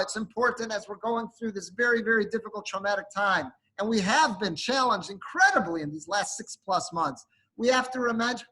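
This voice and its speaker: A man, a rabbi, giving an earnest sermon to his congregation, often building to emphatic, animated peaks. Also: high-pitched, poor audio. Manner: speaks to a congregation while showing a card.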